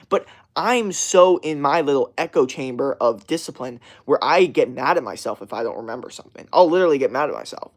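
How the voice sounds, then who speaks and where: A man's voice: fairly high pitch, animated, quick pace, few pauses. Swearing, rambling young man ranting. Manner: heavy swearing, rambling with many fillers and restarts. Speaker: streamer. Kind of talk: casual rant to a live chat.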